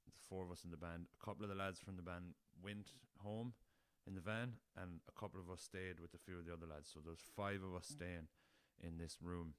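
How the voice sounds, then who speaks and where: A man's voice: low voice, fairly even intonation, a little fast, hardly any pauses, clean tone, no room sound. An Irish man hosting a casual solo podcast, rambling through a story and swearing freely, recorded on a laptop. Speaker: podcast host.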